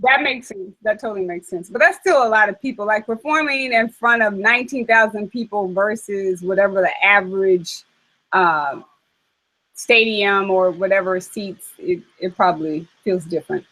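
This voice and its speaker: A woman hosting a casual chat, talking in a chatty, animated way with frequent fillers. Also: mid-range voice, moderate pace, poor audio. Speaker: host.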